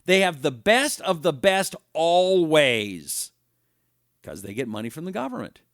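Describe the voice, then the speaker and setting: A middle-aged man hosting a talk show, reading viewer comments aloud in a casual, animated, mocking way. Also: fairly high pitch, unhurried, no room sound, clean studio sound. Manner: animated, mocking, mimics voices.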